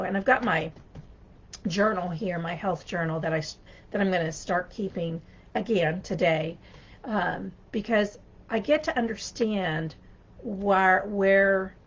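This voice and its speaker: An earnest woman gives a devotional talk, mixing scripture with plain, conversational encouragement. Her voice sits in a middle pitch, and the recording sounds a little dull and lo-fi. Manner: earnest, conversational, with frequent restarts. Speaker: motivational speaker.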